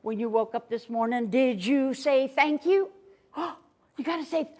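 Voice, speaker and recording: A woman's voice: high-pitched, a little slow, darkish tone. A woman storyteller in a folksy cowgirl persona, telling a story to children in a library story room and having them repeat lines after her.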